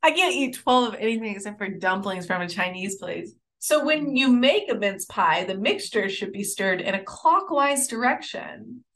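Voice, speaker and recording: A young woman co-hosting a relaxed podcast chat. She giggles often and talks loosely, filling her sentences with "like". Her voice sits at an ordinary pitch for a woman. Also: normal speed, few pauses. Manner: giggly, chatty, says "like" a lot. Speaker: podcast co-host. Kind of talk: casual chat.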